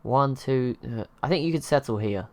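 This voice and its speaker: A man's voice: medium pitch, moderate pace, darkish tone, no echo. Rambling man narrating strategy gameplay. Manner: rambling, self-deprecating, chuckles at himself. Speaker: gaming channel host. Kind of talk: casual gameplay commentary.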